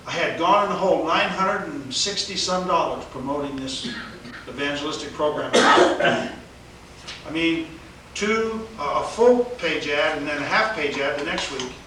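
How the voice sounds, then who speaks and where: A man telling his testimony as an evangelist, in an animated storytelling way, laughing often and acting out other people's lines. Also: high voice, slight background noise. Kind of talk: storytelling conversation. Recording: very echoey room, mic at a distance.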